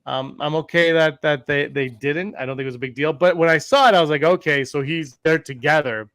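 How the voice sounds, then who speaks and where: A man hosting a casual podcast chat, animated and quick to question his co-hosts. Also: fairly high pitch, no room sound. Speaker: podcast host.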